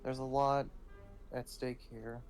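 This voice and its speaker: A tabletop role-playing player who speaks softly and hesitantly. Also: medium pitch, little pitch movement, slow pace, faint music behind. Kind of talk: casual tabletop play.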